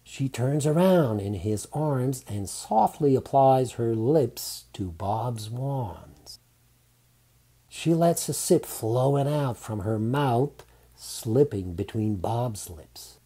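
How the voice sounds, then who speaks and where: Slow, dark-voiced male narrator. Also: medium pitch, breathy edge. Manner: calm, unhurried reading. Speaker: audiobook narrator. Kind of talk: scripted romantic narration.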